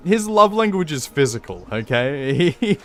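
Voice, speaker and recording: A man's voice: a little high, very animated, soft background music. A man joining a stream over voice chat, bantering and laughing a lot. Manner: giggly, slow, lots of laughing. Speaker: stream guest.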